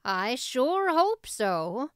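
A woman voicing a stern older female guardian who talks in a slow, dry, skeptical way. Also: on the high side, lively intonation, fairly bright tone, no echo.

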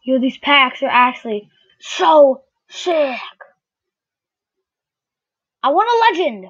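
A gaming video creator, a woman, gives casual game commentary while opening card packs, swearing freely and shrieking whenever a good player appears. Her voice sits high and sing-song, her pace is slow, and the recording is muffled.

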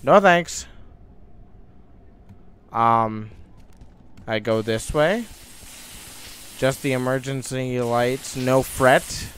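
A man's voice: medium pitch, very slow, pauses often, a bit bright, clear, resonant tone, no room sound. A young man commenting on a horror game as he plays, muttering to himself with sudden startled outbursts. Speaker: gaming YouTuber.

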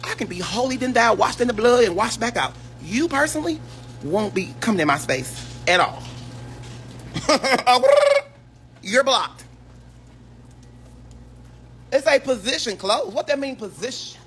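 A man ranting on a casual phone livestream, flamboyant and sassy, with sudden shrieks and high exclamations. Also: sing-song, brisk, fairly bright tone, soft background music. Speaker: social media personality on a livestream.

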